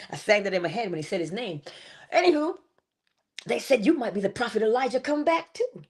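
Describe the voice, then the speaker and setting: A middle-aged woman hosting a morning inspiration livestream, giving a spiritual talk in an animated, preacher-like way with laughs and asides. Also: mid-range voice, fairly quick, breathy edge. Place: home, early morning.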